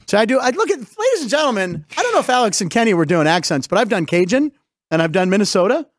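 Middle-aged guy hosting a goofy sports talk show, high voice, dry close sound, jokey and rambly. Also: sing-song, no echo. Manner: joking, rambling, quick asides. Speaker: host. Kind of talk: casual comedic sports talk.

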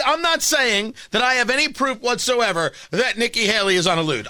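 A man hosting a talk radio show, his high voice bright and cutting as he swings up and down with emphasis. He leans into sarcasm and dramatic pauses while he riffs on the news, close to a dry studio mic. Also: no room sound. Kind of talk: opinionated political commentary.

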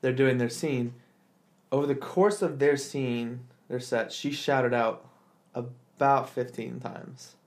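A man's voice: mid-range voice, slow, darkish tone. A man hosting a podcast, telling a story in casual chat, acting out quotes in exaggerated voices with lots of fillers. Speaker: podcast host.

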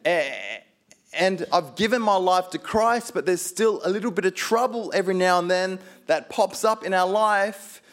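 A man's voice: high-pitched, moderate pace, fairly bright tone. A man preaching a sermon, telling personal stories with playful asides and building to fervent exhortation.

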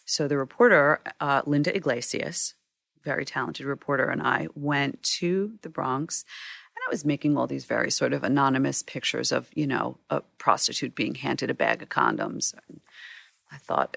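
A woman with a low, gravelly voice recounts her work as a photographer in an interview. She is animated and often breaks into voices and restarts. The sound is dry and close. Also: moderate pace, no room sound. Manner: animated, acts out quotes, frequent restarts. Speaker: news photographer. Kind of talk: storytelling in a sit-down interview.

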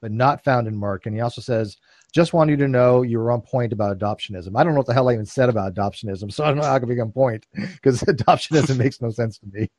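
A man's voice: mid-range voice, quick pace, a little mellow, no echo. A man chats in a casual podcast discussion, loose and joking, with the odd swear word. His voice is close and dry, with no room sound. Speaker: podcast co-host.

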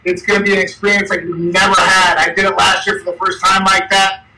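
A man's voice: sits high, flat delivery, a little fast, pushed and bright. A man co-hosting a casual talk show, speaking in a promotional way with many fillers and restarts. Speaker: co-host. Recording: distant from the mic.

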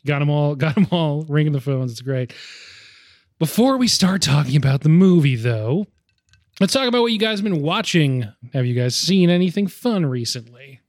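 Higher-voiced man hosting a podcast. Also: animated, moderate pace, no room sound, studio quality. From Boston area. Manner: joking, laughs often, restarts. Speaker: podcast host. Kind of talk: casual podcast chat.

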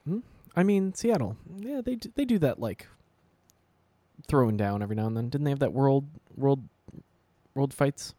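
A man's voice: mid-range voice, lively intonation, moderate pace, long pauses, dark tone, no room sound. A man with an ordinary mid-range voice who trades dry, wry banter. He chats casually as a co-host. The mic is close and dry. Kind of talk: casual chat.

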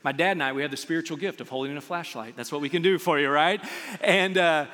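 A man preaching a sermon as a pastor, speaking in a conversational, animated storytelling way with acted quotes. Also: a little high, quick pace, in a large hall. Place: church auditorium.

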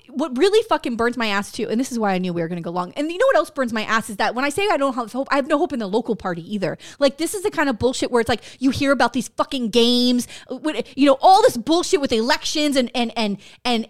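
Furious, very high-pitched woman ranting. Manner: profane, furious, shouting at times. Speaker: podcast co-host. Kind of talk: heated political rant.

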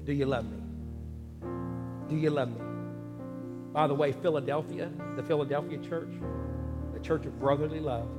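A man preaching as pastor, his slightly raised voice carrying an earnest cadence full of pauses. The sound rings with a long church-hall reverb while a guitar plays clearly underneath. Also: on the high side. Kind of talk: sermon with spoken prayer. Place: church sanctuary. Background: soft guitar music.

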